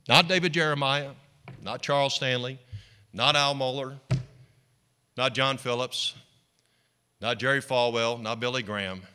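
A male pastor preaching a sermon in an animated way, leading the congregation in call-and-response. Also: medium pitch, a little slow, pauses often, clear, resonant tone.

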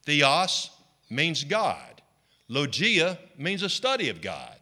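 A male pastor preaching a sermon in an animated way, leading the congregation in call-and-response. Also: on the high side, slow.

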